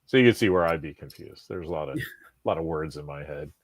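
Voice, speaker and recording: A man hosting a podcast, talking in a rambling, profane, animated way with lots of restarts. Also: extremely low pitch, quick pace, no room sound. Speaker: podcast host. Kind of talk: casual chat.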